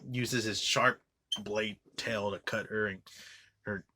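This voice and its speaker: A man's voice: lowish voice, steady tone, slow, bright, forceful tone, a little hiss or hum. Rambling, cursing male movie reviewer. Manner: rambling, profane, filler-heavy with frequent "like". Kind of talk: casual spoken movie review.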